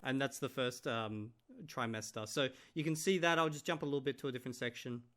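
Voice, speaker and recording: A man's voice: mid-range voice, fairly quick, fairly bright tone. A man vlogging in casual chat, translating clips aloud with many fillers and restarts. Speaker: vlogger reviewing a language course.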